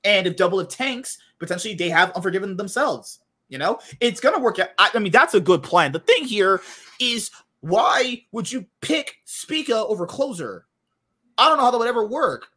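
A man's voice: high voice, sing-song, moderate pace, pushed and bright, breathy edge. A man co-hosting an esports podcast, giving emphatic, opinionated takes in casual chat. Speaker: podcast co-host.

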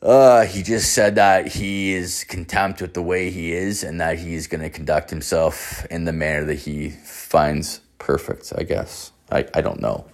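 A man telling a story casually, swearing freely and adding dry, deadpan asides. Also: deep voice, measured pace, hardly any pauses.

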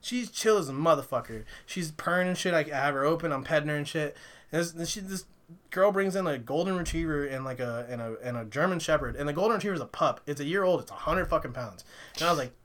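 A young man on a casual podcast, rambling through profane, animated stories. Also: a little high, fast. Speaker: podcast co-host. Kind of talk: casual chat.

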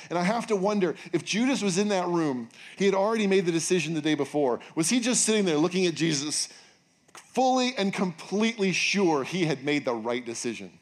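A male pastor preaching a sermon in a casual, joking way, acting out quotes with bursts of excitement. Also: on the high side. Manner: animated, jokey, acts out quotes in raised voice. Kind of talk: sermon with storytelling.

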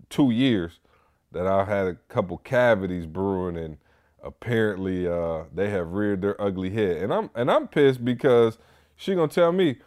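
A young man hosting a podcast, chatting casually and telling animated stories, jumping to high-pitched voices when he imitates people. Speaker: podcast host. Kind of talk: casual chat.

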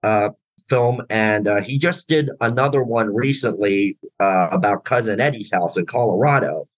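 A man's voice: on the low side, moderate pace, no room sound, poor audio. A man chatting as an interview guest, talking at length in a rambling way with many restarts and fillers. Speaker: guest, tribute band drummer. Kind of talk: casual interview chat.

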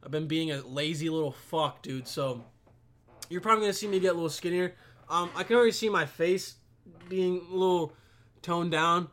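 Filmed on a camera perched on his computer, a young vlogger vents in a rambling rant, swearing constantly. His voice is a little high, fairly quick, and fairly bright.

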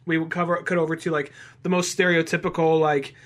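A man's voice: on the high side, level tone, fast talker. A man co-hosting a podcast, talking in a laid-back, casual way, swearing and trailing off mid-sentence. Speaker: podcast co-host. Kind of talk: casual chat.

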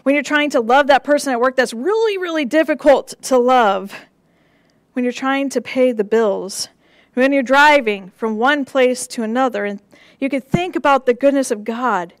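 A woman pastor delivering a sermon in a gentle, measured way, with rhythmic repeated phrases and soft drops for emphasis. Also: sits high, no echo.

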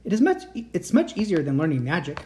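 A woman voicing a confident young man pilot who calls out brisk, clipped commands in a storybook reading. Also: fairly low pitch, very animated, warm tone. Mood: commanding.

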